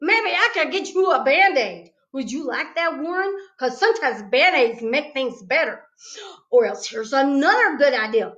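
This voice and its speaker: A woman's voice: sits high, expressive, normal speed, a bit bright, pitched above the performer's own voice. A woman voicing a chatty, bossy little schoolgirl with an earnest, bubbly manner, on a slightly dull recording. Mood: chirpy.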